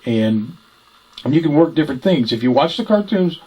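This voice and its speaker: A man's voice: on the high side, big pitch swings, moderate pace, a little mellow, breathy edge, rough recording. A man teaching ventriloquism in a folksy, repetitive way, demonstrating voice types. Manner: folksy, repeats himself while explaining. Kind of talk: instructional demonstration.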